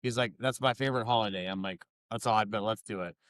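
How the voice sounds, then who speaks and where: Laid-back, smooth-voiced man swapping stories. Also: fast talker, a bit bright, no echo, clean studio sound. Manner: laid-back, profane, drops low for asides. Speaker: podcast co-host. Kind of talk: casual storytelling.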